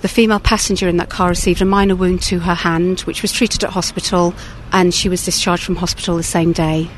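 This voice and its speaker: A woman's voice: lowish voice, flat delivery, brisk, slight background noise. A woman police detective giving a formal, factual statement appealing for witnesses.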